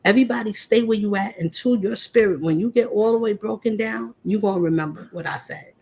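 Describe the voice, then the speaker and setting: A woman's voice: mid-range voice, a little fast, darkish tone, breathy edge. A woman vlogger giving a confrontational spiritual monologue, speaking straight at her listeners. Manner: confrontational, preachy, addresses listeners directly.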